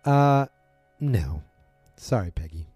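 A man in casual chat, rambling through a TV episode recap with many fillers and quick acted-out quotes. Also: on the low side, big pitch swings, warm tone, husky, no echo, soft background music. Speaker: podcast host recapping a TV drama.

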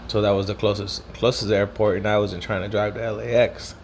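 A young man from Southern California tells a story in a loose, rambling way, full of swearing and Spanish slang words. His voice sits a little low. A faint background noise can be heard behind him. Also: flat delivery, a little fast, creaky. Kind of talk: casual storytelling.

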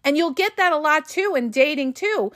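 A woman's voice: high voice, animated, normal speed, fairly bright tone, no room sound, studio quality. A woman hosting an advice podcast, talking bluntly and emphatically, swearing casually and often checking in with "okay?" and "all right?". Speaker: podcast host.

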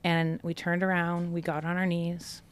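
A woman's voice: fairly low pitch, completely flat delivery, moderate pace, clean tone. A woman from Massachusetts, a podcast guest, telling a personal story casually with many "like"s and quoted dialogue. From Brockton, Massachusetts. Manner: casual, fillers "like" often, quotes people in her story.

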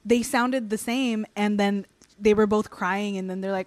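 A woman's voice: mid-range voice, steady tone, measured pace, a little mellow, dry recording. A young woman telling a story in casual chat, rambling with many restarts and fillers.

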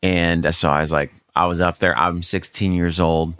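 A man's voice: low voice, little pitch movement, moderate pace, a bit bright, dry recording, clean studio sound. A male pastor, a guest on the show, telling his testimony in a rambling, conversational way with lots of fillers. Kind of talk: storytelling testimony in casual chat.

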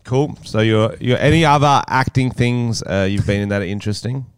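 A man co-hosting a casual chat podcast, joking and laughing often. His voice is smooth and resonant, picked up close on a dry studio mic. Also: mid-range voice, fairly quick, dry recording. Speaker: podcast co-host.

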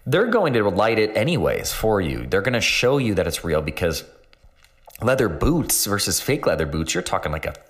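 A man's voice: lowish voice, very animated, moderate pace. A man hosting a podcast, explaining in a casual, rambling way with many fillers and little self-mocking asides. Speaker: podcast host.

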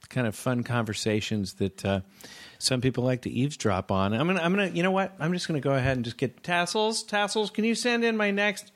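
Rambling mock-serious male comedy host. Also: medium pitch. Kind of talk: deadpan comedic interview chat.

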